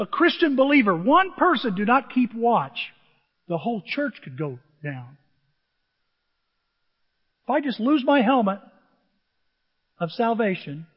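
A middle-aged man preaching a sermon as pastor, animated, swinging between shouting and near-whispers, with a husky voice. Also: extremely high pitch. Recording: dull, hall reverb.

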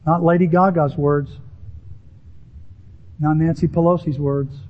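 Emphatic male pastor mid-sermon, fairly high voice, dull recording. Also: measured pace. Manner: animated, emphatic preaching with rising pitch on key words. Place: church sanctuary with a congregation.

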